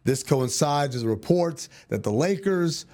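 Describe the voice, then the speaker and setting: A man's voice: fairly high pitch, animated, measured pace, darkish tone. Teasing man co-hosting a sports show. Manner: laughs often, teasing. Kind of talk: casual chat.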